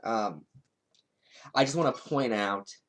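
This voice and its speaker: A man's voice: fairly low pitch, takes it slowly, fairly bright tone. A man hosting a political commentary show, speaking in a sarcastic, wry monologue. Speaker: host.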